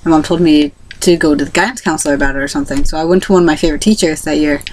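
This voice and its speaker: A young woman talks to her camera in a loose, rambling way, with lots of fillers and false starts. Her voice sits a little low for a woman. She tells her story plainly as a vlogger. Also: steady tone, racing, darkish tone, a little hiss or hum, poor audio. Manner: rambling, full of fillers and restarts.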